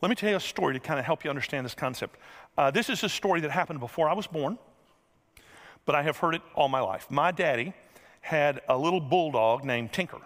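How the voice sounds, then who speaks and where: A middle-aged man preaching a sermon, telling a folksy story and acting out the scenes with lively energy. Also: a little high, brisk. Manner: folksy, animated storyteller who acts out scenes. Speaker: pastor. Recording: reverberant large hall.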